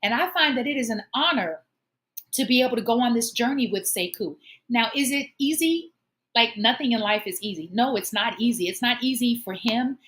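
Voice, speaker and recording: Earnest woman host, fairly high voice. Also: normal speed, a bit bright. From Omaha, United States. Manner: earnest, encouraging, emotional at times. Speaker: show host. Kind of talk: heartfelt personal monologue.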